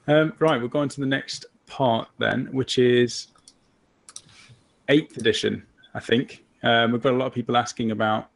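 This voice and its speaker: A man's voice: mid-range voice, vocal fry. Easygoing English man hosting. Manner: easygoing, with frequent "um" lead-ins. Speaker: interview host. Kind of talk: casual interview chat.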